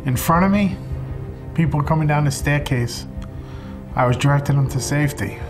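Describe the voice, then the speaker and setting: A firefighter giving interview testimony, reflective and halting as he speaks. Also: a little high. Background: music.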